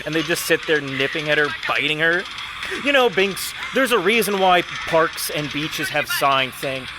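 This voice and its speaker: A man's voice: fairly high pitch, expressive, moderate pace, very noisy. A man giving mocking reaction commentary over a clip, sarcastic and scornful in tone.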